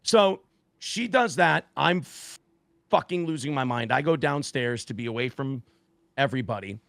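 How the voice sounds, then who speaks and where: A man's voice: medium pitch, expressive, moderate pace, gravelly, fairly bright tone, no echo. A man as a podcast guest, telling a story casually with heavy swearing and acting out what people said. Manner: heavy swearing, acts out quotes with shifting voices.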